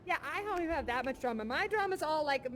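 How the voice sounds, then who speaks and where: Giggly young woman who wants to bartend, high voice, bouncy swooping delivery, rambling chat into a headset mic. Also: animated, quick pace, fairly bright tone, a little hiss or hum. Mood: chatty. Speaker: live performer in an immersive virtual reality show. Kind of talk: improvised live character chat.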